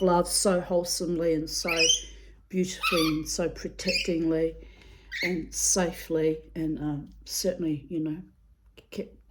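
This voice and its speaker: Over some background noise, a woman whose voice sits on the low side rambles through her daily readings, drifting between topics, swearing without restraint and laughing often.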